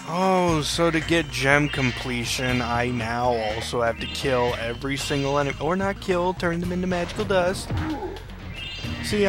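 A young man casually commentating a video game playthrough, cracking goofy jokes to his viewers. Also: a little high. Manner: goofy, joking asides to the viewer. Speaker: let's play host. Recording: game music playing underneath.

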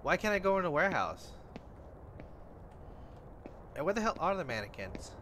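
A man's voice: a little high, big pitch swings, normal speed, sharp tone, a little hiss or hum. A man giving casual let's-play commentary on a horror game, talking to himself and swearing when startled. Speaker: gamer playing a horror game.

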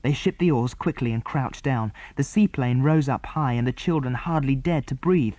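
A man narrating a children's adventure story in a clear, even storytelling manner. His voice is mellow and of middle pitch. The recording is close and dry. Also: moderate pace, no echo. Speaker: audiobook narrator.

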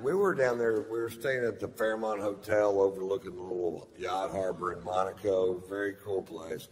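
A man's voice: low-pitched, fairly even intonation, moderate pace, hardly any pauses. A middle-aged man doing stand-up comedy, telling a profane story in a drawling, rambling way from a theater stage. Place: large theater stage with audience. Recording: live theater recording with long reverb.

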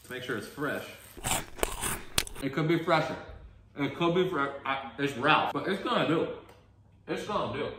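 A man's voice: fairly high pitch, animated, normal speed, pauses often, bright, forceful tone, reverberant, distant mic, a little hiss or hum. A man hosting a casual cooking vlog in a home kitchen, joking and self-deprecating as he rambles through the recipe.

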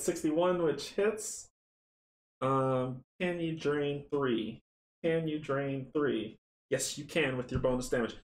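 A man's voice: medium pitch, slow, long pauses. Chatty man running a board game. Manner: chatty, counts dice rolls aloud, excitable. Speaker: tabletop game runner and player. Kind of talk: casual board game playthrough. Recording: roomy echo, faint noise.

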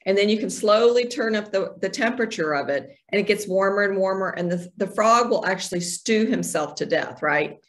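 A woman's voice: mid-range voice, expressive, a little fast, hardly any pauses. A woman, a guest author talking in a casual interview and animatedly acting out the voices she quotes.

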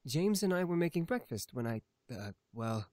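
A man voicing a soft-spoken, caring male incubus in a romance game. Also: medium pitch, sing-song, normal speed, no echo, studio quality, lightly acted.

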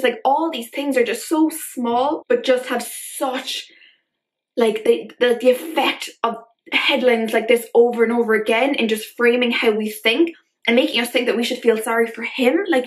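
Young woman ranting at the camera, highish voice, exasperated, says like nonstop. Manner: ranty, exasperated, filler-heavy with constant "like". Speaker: vlogger. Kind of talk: casual commentary to camera.

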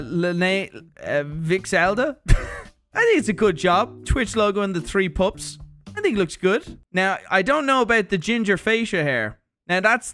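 A young man, chatting casually on a livestream as he opens viewer parcels, animated and swearing freely as he reads letters aloud. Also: sits high. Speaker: streamer host. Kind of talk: casual livestream unboxing chat.

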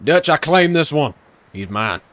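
A young man doing loud, profane, excitable commentary while playing a video game. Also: a little high, unhurried. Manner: profane, excitable trash talk. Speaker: gaming streamer. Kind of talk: gameplay commentary.

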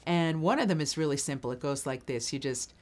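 Low-pitched female coach, brisk and practical, teaching voiceover technique on a video blog.

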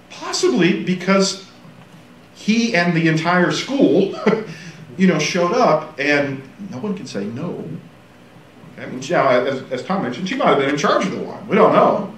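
A man teaching a casual Bible class, animated and joking, acting out quotes. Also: on the high side, recorded from a distance. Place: church classroom. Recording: echoey room, faint hiss.

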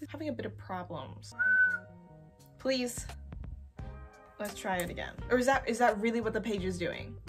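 A young woman chatting casually while browsing online, expressive and given to excited outbursts. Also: a little high. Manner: chatty, expressive, swings to loud excited squeals. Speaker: youtuber. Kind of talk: casual screen-recorded shopping commentary.

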